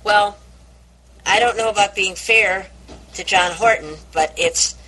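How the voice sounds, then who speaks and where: A woman in a casual group discussion about audiobook narrators, talking emphatically with halting restarts. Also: mid-range voice, pushed and bright, slightly rough, poor audio.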